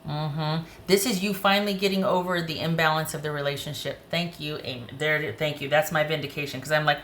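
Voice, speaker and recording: A woman giving a casual tarot reading to camera, animated and opinionated, speaking straight to the viewer. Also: sits low, fairly quick, few pauses, a little hiss or hum. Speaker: tarot reader.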